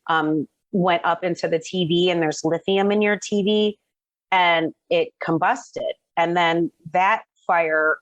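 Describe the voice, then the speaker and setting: A woman's voice: fairly low pitch, no room sound. A middle-aged woman casually telling a personal story, rambling with fillers and restarts. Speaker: guest telling her story. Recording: dull lo-fi dry sound.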